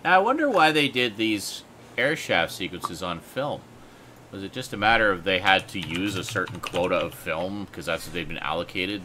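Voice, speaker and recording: A man with a very low voice talks films on a casual stream, his pitch rising and falling with plenty of life. His tone is bright and forceful, and he comes across as keen and thoughtful, with faint noise underneath. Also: normal speed. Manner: thoughtful, animated, enthusiastic. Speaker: viewer and co-host. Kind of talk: casual livestream chat.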